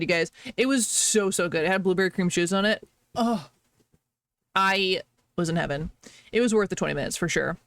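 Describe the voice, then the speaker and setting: A woman's voice: on the low side, dry recording. A woman streamer chatting casually, rambling and gushing over the little things she enjoyed. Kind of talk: casual chat on a live stream.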